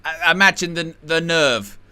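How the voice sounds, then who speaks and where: A man hosting a live football watch-along, his voice very bright and sharp-edged, with a smooth, crisp clarity. He talks in a sarcastic and exasperated way. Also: on the high side, moderate pace. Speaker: host.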